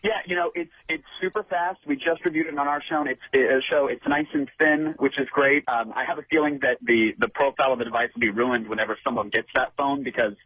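A man phoning in as a guest on a radio show, giving quick gadget reviews with sarcastic jokes. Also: medium pitch, bright, forceful tone, husky, dry recording, dull audio. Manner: quick, jokey, sarcastic asides. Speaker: tech show host as phone guest. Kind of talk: casual radio phone interview. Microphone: telephone.

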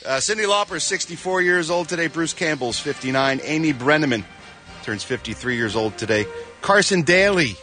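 A man's voice: fairly high pitch, animated, a little fast, pushed and bright, soft background music. A man reporting entertainment gossip on a radio show, with sarcastic and playful banter into a studio microphone.

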